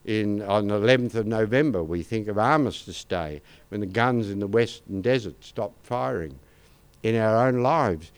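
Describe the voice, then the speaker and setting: An older Australian man giving a conversational sermon, with anecdotes and asides to the congregation. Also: fairly low pitch. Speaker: pastor.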